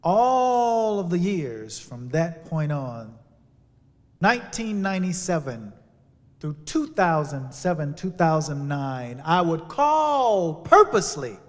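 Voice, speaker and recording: A man telling a personal story as a sermon, with dramatic shifts from hushed to loud. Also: a little high. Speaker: speaker. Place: church sanctuary. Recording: long hall reverb.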